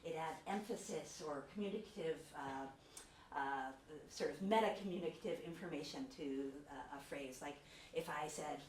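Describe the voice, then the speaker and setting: Lower-pitched woman researcher lecturing casually, with frequent fillers and restarts, picked up from a distance in an echoey room. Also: moderate pace, darkish tone, slight background noise. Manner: conversational, with fillers and self-corrections. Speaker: autism researcher giving a talk. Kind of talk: academic lecture. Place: lecture room, hybrid session with remote viewers. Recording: roomy, distant lecture-hall sound with faint ambience.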